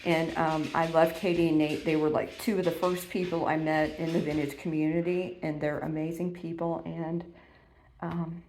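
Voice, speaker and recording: A middle-aged woman, chatting casually through an unboxing, gushing and full of ums, close to tears at times. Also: lowish voice. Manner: warm and gushing, many ums, emotional near tears. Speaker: vintage reseller vlogger.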